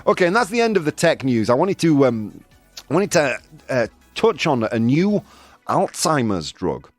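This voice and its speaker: A male podcast host whose pitch swings up and down a lot as he chats through the news. He is self-deprecating, laughs often and trips over tricky words. The sound is dry and close, with faint music underneath. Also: big pitch swings, moderate pace, dry recording. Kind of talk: casual live-stream news chat.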